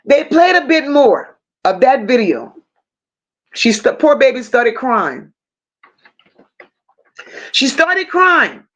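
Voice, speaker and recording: A woman's voice: sits high, big pitch swings, slow pace, long pauses. A woman hosting a casual true crime livestream, telling the story bluntly and with strong emotion, swearing freely and talking straight to her viewers. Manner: addresses viewers directly.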